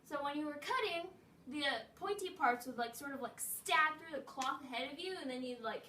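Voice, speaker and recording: A woman's voice: high voice, lively intonation, normal speed, sharp tone. A woman telling a rambling story in casual speech, full of "like", acting out the voices of the people in it. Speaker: vlogger. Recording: roomy echo, a bit distant, faint noise.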